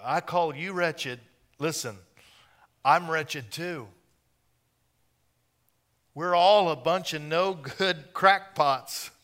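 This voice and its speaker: A man preaching a sermon in a folksy, joking way, building up to loud, animated emphasis. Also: a little high, drawn-out words, long pauses.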